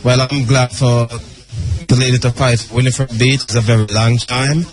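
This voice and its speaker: Jamaican man, mid pitch, thanks and shout-outs. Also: little pitch movement, normal speed.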